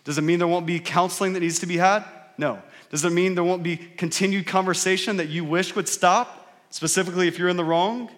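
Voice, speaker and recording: A man's voice: high-pitched, steady tone, a little fast, few pauses. Male pastor, thirties, conversational sermon, asks "right?" a lot, reverberant church hall. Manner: conversational preaching, often asks the crowd "right?".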